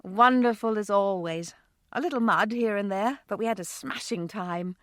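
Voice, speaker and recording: A woman's voice: medium pitch, moderate pace, fairly bright tone, dry recording, clean studio sound, close to an everyday voice. A woman voicing a cheerful, playful older woman friend with a breezy manner. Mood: jolly.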